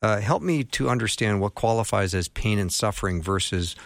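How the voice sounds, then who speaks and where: A man's voice: on the low side, lively intonation, moderate pace, vocal fry, no echo, clean studio sound. A man hosting a faith talk show, reading listener texts and asking questions in an easygoing way.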